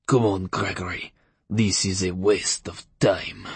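A man putting on a curt, icy rabbi with a Russian accent for an audiobook. The voice sits low and husky, the words slow and deliberate, and every reply comes out clipped and hostile. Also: flat delivery, no room sound, full character voice. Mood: scornful.

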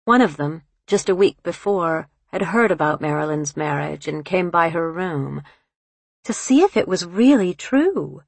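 A woman reading literary fiction aloud in a calm, unhurried narration on a close studio mic. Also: fairly low pitch, creaky, no echo. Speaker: audiobook narrator.

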